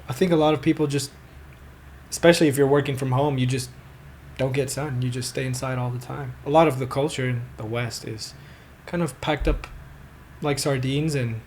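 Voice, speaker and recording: A man's voice: mid-range voice, slight background noise. A man hosting a podcast in casual chat, easygoing, asking questions and offering his own views. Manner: easygoing, asks questions and shares opinions. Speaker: podcast host.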